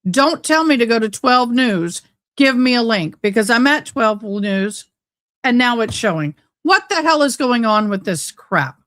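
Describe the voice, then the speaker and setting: On the high side and a bit bright, her voice is animated yet unhurried as she rants in agitated bursts on a casual YouTube livestream. She records at home in a sunlit room with a desk mic nearby.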